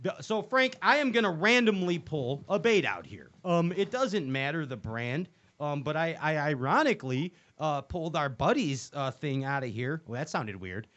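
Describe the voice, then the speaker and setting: A man's voice: fairly high pitch, sing-song, moderate pace, few pauses, a bit bright, dull audio. A man hosting a casual comedy show, rambling and joking with many fillers and restarts. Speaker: show host.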